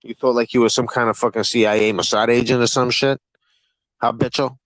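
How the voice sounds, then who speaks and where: A man's voice: medium pitch, little pitch movement, brisk, a bit bright, no room sound, low-quality recording. A man hosting a livestream panel, talking in a profane, taunting and combative way. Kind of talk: heated livestream panel chat.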